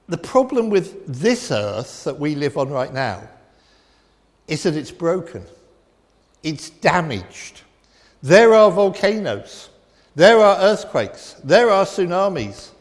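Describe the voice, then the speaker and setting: A middle-aged man preaches with emphatic, repeated declarations, his slightly high voice lifting for big points and dropping low for quiet ones. A long reverb trails off each phrase, as in a large church hall. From England. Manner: emphatic and repetitive, swinging from loud declarations to quiet reflection. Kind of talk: sermon.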